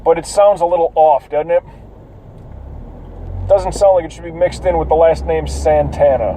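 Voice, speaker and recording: Man, high voice, casual profane vlog ramble, noisy car recording. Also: steady tone, normal speed, warm tone. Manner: rambling, profane, many fillers. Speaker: vlogger.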